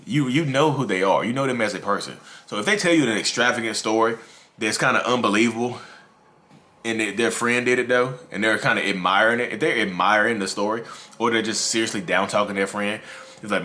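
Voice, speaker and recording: Talking about narcissism on the channel he hosts, a man addresses the camera casually in a brisk voice that sits on the low side and sounds bright and forceful. He is repetitive and keeps calling his viewers "y'all."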